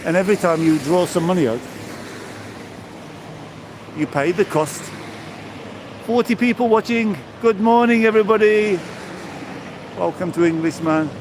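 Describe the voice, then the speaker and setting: A man's voice: high voice, measured pace, long pauses. Guy in his 60s from england rambling to his live viewers while walking the seafront, traffic noise behind. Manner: chatty, rambling, greets viewers by name. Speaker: vlogger live-streaming a walk. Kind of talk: casual chat to live viewers. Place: outdoors on a seaside promenade, walking.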